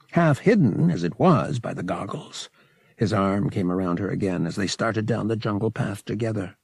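A man reading a novel aloud as an audiobook narrator, telling the story in a measured, expressive way. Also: medium pitch, creaky, husky, no room sound, clean studio sound.

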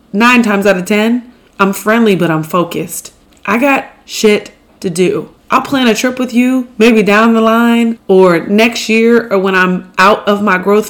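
Young adult woman, podcast host, emphatic pep-talk delivery, mid-pitched voice. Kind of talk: motivational monologue.

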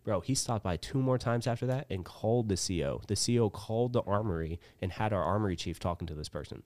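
Low-voiced man telling an animated story. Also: fast, no echo. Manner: animated, acts out quoted dialogue, swears freely. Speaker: podcast guest. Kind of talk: casual storytelling chat.

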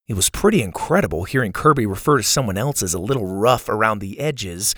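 A man reading a children's adventure audiobook as narrator, in an expressive, animated manner. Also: on the low side, brisk, no room sound, clean studio sound. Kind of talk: scripted storybook narration.

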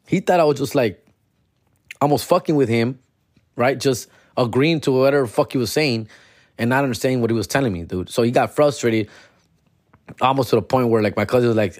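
A man in his forties telling a story in casual chat, slangy and profane, slipping into Spanish and doing animated impressions of people. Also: mid-range voice, a little fast, long pauses, no echo, studio quality. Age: 40s.

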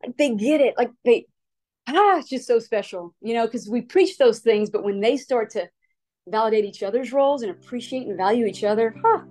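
A middle-aged woman, a softball coach telling an animated story as a podcast guest. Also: on the high side, brisk. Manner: energetic, emphatic, acts out quotes.

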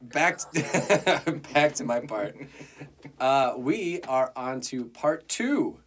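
A young man with a Colorado accent hosting a podcast, cracking crude jokes and bursting out loudly in casual banter. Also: medium pitch, lively intonation, very slow. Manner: crude, joking, loud outbursts. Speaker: podcast host.

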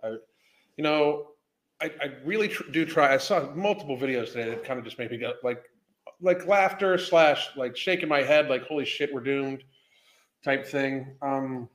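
A man's voice: mid-range voice, normal speed, a bit bright. A man hosting a casual livestream as a health coach, rambling, swearing and greeting viewers by name.

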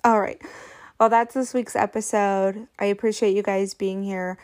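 A woman's voice: mid-range voice, steady tone, moderate pace, darkish tone. A woman in her thirties hosting a podcast, telling funny stories in a casual, chatty, self-deprecating way. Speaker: podcast host.

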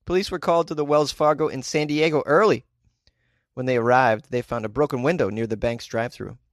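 A man hosts a comic news podcast, wisecracking, riffing on asides and often laughing at his own jokes. His voice is medium-pitched and fairly quick, recorded at studio quality with no room sound.

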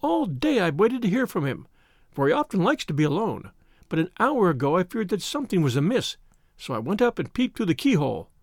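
A man's voice: high voice, sing-song, a little fast, no room sound, studio quality, full character voice. A man voicing a frightened, tearful old female housekeeper in a pleading, trembling way. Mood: frightened, urgent.

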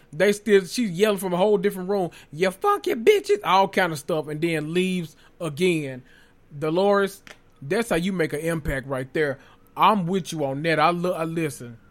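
A man hosting a podcast, giving a casual, sassy recap of a reality show, cussing freely and swinging from low murmurs to loud exclamations.

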